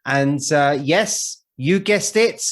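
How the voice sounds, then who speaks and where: A male host with a somewhat higher voice leads the interview. He frames his questions as recaps and drops in short affirmations while his guest talks. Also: expressive. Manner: leading questions, quick affirmations.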